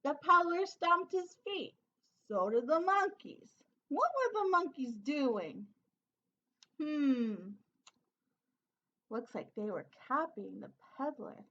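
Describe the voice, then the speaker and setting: A woman teacher reading a picture book aloud to children, pausing to ask them questions and prompt them to act along. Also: high voice, lively intonation, sharp tone, muffled recording. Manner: interactive, asks children questions. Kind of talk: storybook read-aloud for children.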